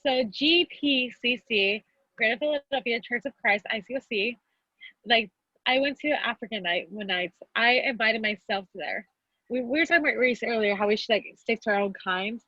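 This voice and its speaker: A woman's voice: a little high, normal speed, bright, forceful tone, dry recording, highs cut off. A woman from Texas in a casual, candid chat, teary at times and swearing freely. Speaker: podcast co-host.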